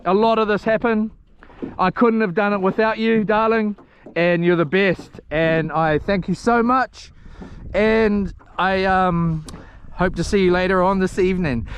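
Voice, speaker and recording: A man with a high voice chats excitably from a small fishing boat out in the rain, his sentences tripping over themselves as he restarts and swears mildly. An action camera picks him up outdoors, with a faint hiss of noise behind him. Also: muffled recording. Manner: excitable and scattered, with frequent restarts and mild cursing. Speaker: fishing vlogger live streaming. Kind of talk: rambling live-stream chat.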